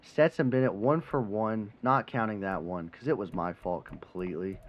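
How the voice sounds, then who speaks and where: A young man giving casual, animated commentary over a football video game, cursing and swinging between frustration and excitement. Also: fairly low pitch, normal speed. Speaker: gaming commentator. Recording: slightly dull sound, faint background noise.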